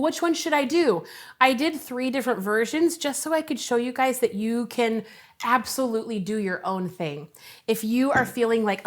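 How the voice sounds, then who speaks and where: Bubbly, chatty woman cooking host. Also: on the high side. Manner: chatty, bubbly, giggles often. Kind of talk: casual cooking demonstration.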